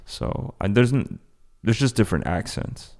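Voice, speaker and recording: A man's voice: mid-range voice, lively intonation, normal speed, creaky, a little mellow. A young man from France co-hosting a podcast, chatting casually and explaining things in a rambling way with lots of fillers. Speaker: podcast co-host. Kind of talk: casual chat.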